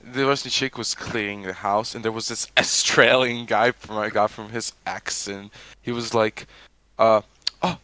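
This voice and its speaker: A man's voice: fairly low pitch, fairly even intonation, moderate pace, sharp tone, dry recording. A man co-hosting a podcast, chatting crudely and laughing a lot, putting on silly voices when retelling stories. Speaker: podcast co-host. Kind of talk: crude casual chat.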